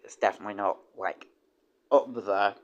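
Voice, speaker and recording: A man's voice: fairly low pitch, steady tone, normal speed. British man, young adult, casual stream chat, rambling, swears freely, dull audio. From United Kingdom.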